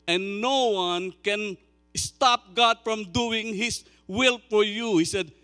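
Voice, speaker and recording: Pastor, 60s, male, slow unhurried sermon delivery with loud emphatic peaks, faint hum behind. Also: sits high. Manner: chatty asides to the congregation.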